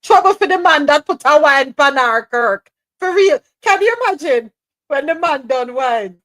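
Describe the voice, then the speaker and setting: A woman with a Caribbean accent hosting a live talk show, chatting in a lively way, laughing often and slipping into patois. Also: high-pitched, normal speed, no echo. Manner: animated, laughing, slips into patois. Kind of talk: casual chat.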